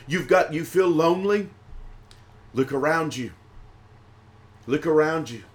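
A man preaching a livestreamed praise sermon in a rhythmic, repetitive, exhorting way, swelling louder on lines of praise. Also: a little high, animated, unhurried.

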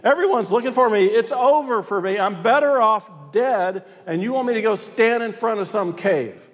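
A man's voice: high voice, moderate pace, pitched above the performer's own voice, lightly acted. A man voicing a frightened, complaining male prophet who pleads and questions in exasperation. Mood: despairing. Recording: long hall reverb.

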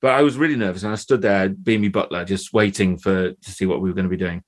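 Fifties man, English actor guest, low voice, chatty and laughing storyteller. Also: steady tone, fast talker. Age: 50s. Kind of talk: casual podcast chat.

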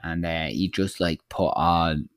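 A young man with an Irish accent talks in loose, animated chat, swearing freely as he tells a story. His voice sits on the lower side and sounds close and dry, with no room around it. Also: a little slow, no echo. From Ireland. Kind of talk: casual chat.

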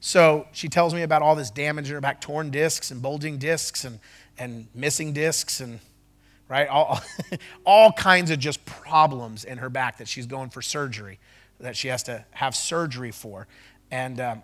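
A man preaching a sermon as a pastor, moving from loud declarations to quick, chatty storytelling in front of a church congregation. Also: mid-range voice. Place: church service before a congregation.

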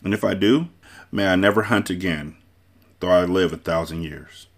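A man's voice: sits low, normal speed. A man doing a smug, scheming prince. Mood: solemn.

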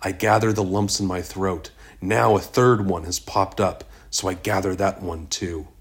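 A man narrating a first-person story in a measured, even reading. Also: deep voice. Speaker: audiobook narrator.

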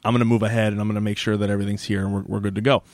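A man's voice: fairly low pitch, little pitch movement, no echo. Laughing podcast co-host, casual man. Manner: laughs often, acts out characters' lines in quick put-on voices. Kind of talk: casual chat recapping a TV episode.

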